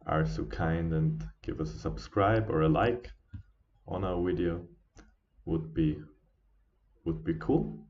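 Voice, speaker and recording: A tired man hosts a live trading stream in a very deep voice. He talks slowly and haltingly, with fillers and restarts. The audio is dull and lo-fi. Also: a little mellow. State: sleepy, yawning. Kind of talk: casual live trading commentary.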